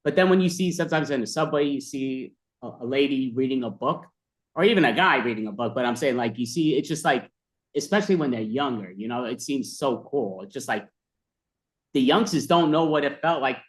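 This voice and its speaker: A man's voice: mid-range voice, expressive, brisk. Rambling, exasperated man chatting. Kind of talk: casual chat.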